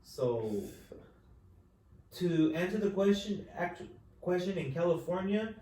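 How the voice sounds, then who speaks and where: Casual male storyteller, mellow tone, profane and laid-back, caught from a distance on the mic. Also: sits high, takes it slowly. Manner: relaxed, profane, says "dude" constantly. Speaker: podcast host telling a story. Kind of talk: casual chat. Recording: echoey room, distant mic, faint noise.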